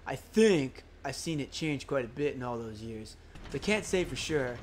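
A man voicing a wistful old male river-rat boat captain in a video game, musing slowly. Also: medium pitch, animated, slight background noise, lightly acted. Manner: slow, musing, folksy storytelling.

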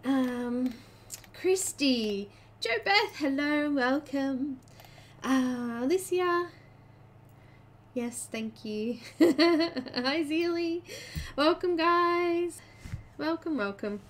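A high-pitched woman hosts a casual live chat, slightly out of breath, greeting viewers by name in a chatty way and laughing easily.

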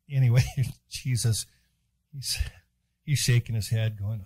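A man's voice: mid-range voice, normal speed, warm tone, slightly rough, no echo. A man preaching a sermon in a chapel, folksy and joking as he tells stories.

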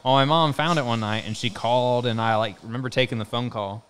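A man's voice: mid-range voice, fast, fairly bright tone, slight background noise. A man, hosting a podcast and telling stories in casual chat, laughing often and swearing freely. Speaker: podcast host.

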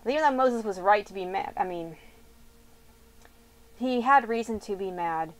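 A woman's voice: mid-range voice, animated, normal speed, long pauses, a bit bright, rough recording. A woman reading scripture aloud expressively and breaking off for casual, chatty comments. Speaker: Bible reader and commentator.

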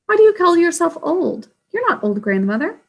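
A woman's voice: very high-pitched, very animated, moderate pace, gravelly, voice pushed up, exaggerated voice. A woman reading aloud, voicing an eager young princess who asks her grandmother questions. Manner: pleading, questioning.

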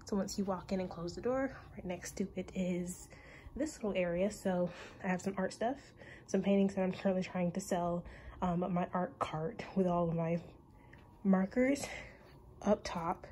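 A woman's voice: lowish voice, steady tone, normal speed, warm tone, a little hiss or hum. A young woman vlogger giving a casual, rambling tour of her bedroom, slightly out of breath. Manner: chatty, rambling with many ums.

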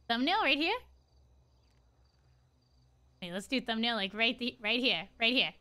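A woman's voice: fairly high pitch, expressive, a little slow, pushed and bright. A woman streaming a role-play game, chatting casually and giggling often.

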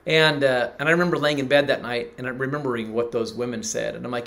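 A man's voice: medium pitch, fairly even intonation, quick pace, vocal fry, few pauses, a bit bright. Man telling a personal story in a sermon. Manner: personal storytelling, acts out quoted voices. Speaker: pastor.

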